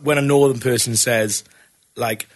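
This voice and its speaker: A man hosting a quiz segment in casual comedy podcast banter, rambling and hesitant with plenty of fillers. His voice is bright and slightly husky, and his pitch moves a lot. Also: expressive, normal speed. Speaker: podcast host presenting a quiz feature.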